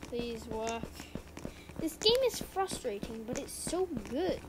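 A woman giving excitable gameplay commentary, often repeating panicked exclamations. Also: a little high, slow. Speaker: gamer. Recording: loud background noise.

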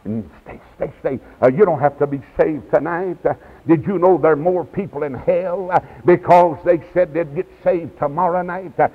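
A man preaching as an evangelist at a revival, swinging from low asides to high shouted cries. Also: fairly even intonation, moderate pace. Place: church. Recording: dull lo-fi 1990s church tape.

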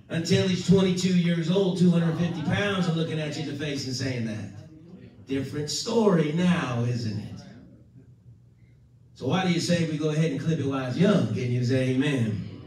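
A male pastor preaches with fervor, now and then acting out the voices of others and pausing for amens. His voice sits high for a man. He is heard from some distance, with heavy church echo all around him. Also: a little mellow. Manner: preachy, emphatic, acts out quoted voices, calls for amen. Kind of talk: sermon. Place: church sanctuary. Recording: echoey church from far off.

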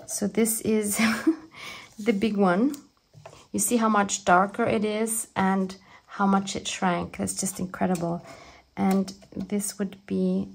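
A woman hosting a junk journaling video, chatting casually as she shows her crafts and gushing with delight. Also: medium pitch. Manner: gushing and emotional, with exclamations of delight. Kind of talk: casual crafting show-and-tell.

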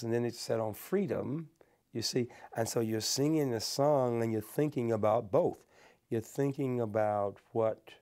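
An older man recounts memories in an interview, his voice sitting fairly low. He talks earnestly and lets his voice rise on key words before it settles back down. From Alabama, USA. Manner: earnest and animated, lifts his voice for emphasis then drops it. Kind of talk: reflective personal storytelling.

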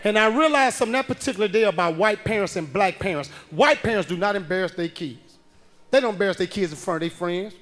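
A man performing a stand-up comedy routine on a club stage, telling a story loudly and acting out the people in it. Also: sits high, fast talker. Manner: loud animated storytelling, acting out the people he quotes.

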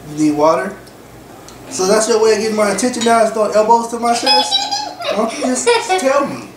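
A woman's voice: very animated, a little fast. A woman, a parent, chatting and teasing her kids during a family meal. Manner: teasing, playful, low-key. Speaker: parent hosting a family mukbang. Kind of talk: casual family chat while eating. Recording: roomy home recording from a distance with noise.

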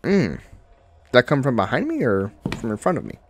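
A man's voice: medium pitch, huge pitch swings, a little fast, noisy background. A young man hosting a gaming channel, swearing and grumbling to himself while he plays a horror game. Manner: profane, exasperated, talking to himself. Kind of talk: casual horror game commentary.

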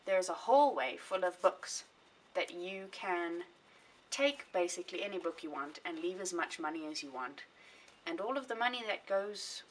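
A young woman vlogging about her books in a rambling, chatty way, often correcting herself mid-sentence. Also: fairly low pitch. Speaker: book vlogger. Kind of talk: casual chat. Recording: voice a bit distant from the mic, faint hiss.

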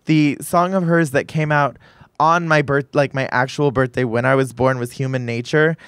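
A man's voice: medium pitch, steady tone, normal speed, fairly bright tone, clean tone, no echo, studio quality. A young man hosting a podcast, chatting in a campy, gossipy, profane way. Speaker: podcast host. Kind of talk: casual chat.

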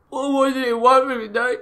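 A man's voice: very high-pitched, flat delivery, measured pace, sharp tone, voice pushed up, exaggerated voice. A sobbing, wailing young guy. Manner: wailing, crying through the words. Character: sobbing whiny young man begging for love.

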